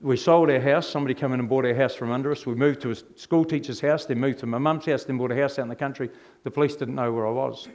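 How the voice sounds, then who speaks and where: Middle-aged New man, mid-range voice, animated testimony speaker who throws rhetorical questions at the room. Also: medium pitch, fast talker. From New Zealand. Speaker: speaker giving his testimony. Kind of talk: personal testimony storytelling.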